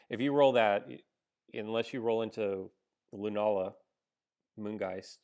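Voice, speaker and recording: This streamer has a lowish, slightly mellow male voice and speaks at a measured pace. Commenting casually on his live gameplay, he thinks aloud, stops and restarts often with ums and likes, and responds to viewers between moves.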